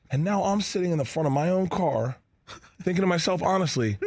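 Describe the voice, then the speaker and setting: Male comedian, husky, very lively pitch, excitable storyteller on a studio talk show. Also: fast. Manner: excitable, laughs often, acts out quotes. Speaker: comedian guest. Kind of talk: animated storytelling in an interview.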